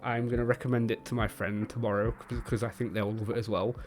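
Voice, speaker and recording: A man's voice: fairly low pitch, level tone, fast talker, faint music behind. Chatty British man reviewing books. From Britain. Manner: chatty, self-correcting, stumbles over words and laughs at himself. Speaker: book vlogger. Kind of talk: casual book review chat.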